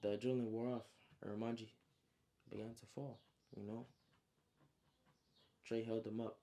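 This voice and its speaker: A young man retells his own story in a loose, slang-heavy storytime style. He fills it with spoken sound effects and casual asides. His voice is mellow and dark-toned. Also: on the low side, steady tone, normal speed, vocal fry, pauses often. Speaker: author recapping his story.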